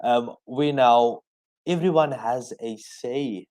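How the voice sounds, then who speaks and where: A man from South Africa teaching an exam revision lesson on the radio, explaining slowly point by point so students can take notes. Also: medium pitch, darkish tone, low-quality recording.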